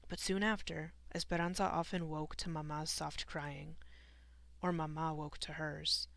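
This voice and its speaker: A woman narrating an audiobook in a measured, sombre storytelling manner. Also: deep voice, flat delivery, vocal fry, a bit bright, no echo. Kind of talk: scripted narration.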